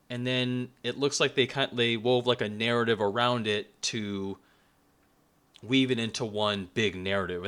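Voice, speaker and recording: A man with a fairly low, bright and crisp voice walks through his material in a relaxed, conversational lecture. He talks things through as he goes, restarting phrases now and then. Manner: conversational, restarts, acts out quoted lines. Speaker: religious studies video presenter. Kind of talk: casual explanatory lecture.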